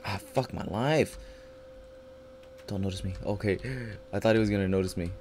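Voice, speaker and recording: A man's voice: low-pitched, fairly even intonation, normal speed, a little mellow, slight background noise. A man giving live gameplay commentary, swearing constantly and swinging between panicked yelps and frustrated grumbling. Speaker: gaming channel host.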